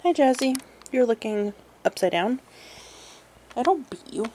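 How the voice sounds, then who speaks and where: A woman's voice: fairly high pitch, animated, a little slow, background noise. A young woman chatting casually in a home vlog, giggly and teasing. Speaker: vlogger. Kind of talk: casual couple vlog chat. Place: home, indoors.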